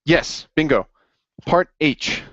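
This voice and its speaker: A man's voice: a little high, takes it slowly, fairly bright tone, no echo, muffled recording. A man running a casual accounting review session, upbeat and jokey as he encourages his students. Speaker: accounting tutor.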